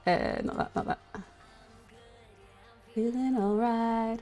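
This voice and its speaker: A woman's voice: on the high side, steady tone, slow, a little mellow, soft background music. A Scottish woman chatting casually with viewers on a live game stream, rambling and giggling as she greets people.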